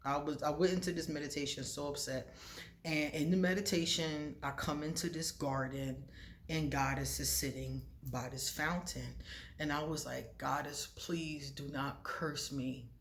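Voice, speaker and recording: A woman vlogging in a casual chat to the camera, animated and confiding, laughing often as she talks to her viewers. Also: sits low, moderate pace, slight background noise. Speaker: spiritual vlogger.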